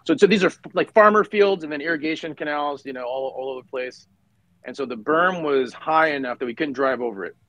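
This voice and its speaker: A man's voice: on the high side, fast talker, a bit bright, no echo, low-quality recording. A middle-aged man, a retired Marine officer, telling a battle story in casual conversation, full of fillers and restarts.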